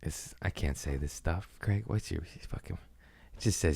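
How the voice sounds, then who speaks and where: A man's voice: deep voice, normal speed, creaky, warm tone, husky. A young man hosting his own podcast, rambling in crude, self-mocking casual chat. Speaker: podcast host.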